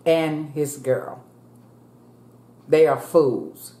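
A woman's voice: sits low, takes it slowly, pauses often. A woman in her fifties chatting casually with viewers while she eats, calling them "y'all" and praying aloud. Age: 50s. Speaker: food vlogger. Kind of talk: casual eating chat to viewers. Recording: echoey room.

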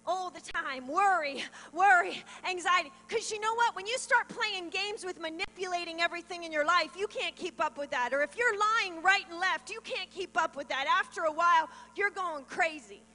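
A woman's voice: extremely high pitch, normal speed, few pauses, pushed and bright. A middle-aged woman telling her testimony from a church stage, earnest and emotional, in a reverberant hall with mains hum. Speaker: pastor's wife giving testimony. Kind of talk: testimony sermon.

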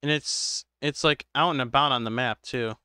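A man live-streaming a game, chatting casually with viewers in a slow, drowsy, rambling way because he is tired. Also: medium pitch, sharp tone, smooth, no room sound, clean studio sound. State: tired, medicated.

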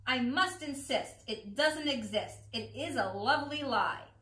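A gentle male bear from a picture book muses softly and wistfully, as a woman reads him. The reading is unhurried and the room adds echo. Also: high voice. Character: gentle, sentimental male bear who doubts. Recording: echoey room.

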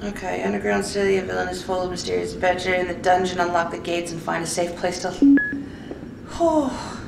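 A woman's voice: fairly low pitch, moderate pace, creaky. A woman narrates her own gameplay, talking to herself and cursing when things go wrong. Her voice echoes around the room. Heavy background noise sits under her speech. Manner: talks to herself, frustrated, swears often. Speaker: gamer. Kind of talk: let's play commentary. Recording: echoey, distant mic, loud background noise.

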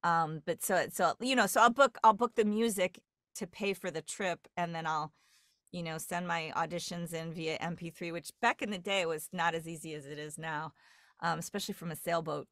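A woman's voice: fairly low pitch, steady tone, normal speed, a bit bright, dry recording, studio quality. A woman from New York, a dialect coach, telling stories in a rambling casual chat full of fillers and restarts. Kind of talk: casual podcast conversation.

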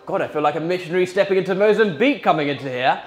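A man's voice: high voice, expressive, racing. A man playing an awkward, stammering presenter in a comedy sketch. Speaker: interviewer character.

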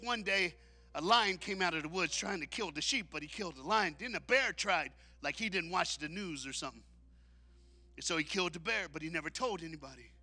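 A man preaching a sermon at a men's conference, shouting call-and-response lines and dropping into low, quick asides. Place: church hall at a men's conference.

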